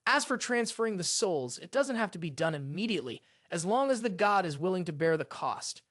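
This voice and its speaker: Male narrator as a proud sun god, indignant, high and animated, storybook recap. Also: brisk, dry recording, studio quality, full character voice. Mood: calm. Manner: indignant, complaining.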